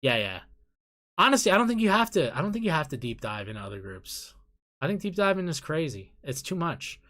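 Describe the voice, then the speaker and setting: A man's voice: fairly high pitch, sing-song, fairly quick, pushed and bright. A young man chatting casually on a live stream, reading and answering chat, swearing freely and often breaking into laughter.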